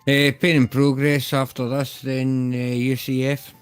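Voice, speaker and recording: A man's voice: mid-range voice, level tone, a little slow, faint music behind. A man chatting casually as a player on a poker stream, blunt and drawling. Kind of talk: casual chat.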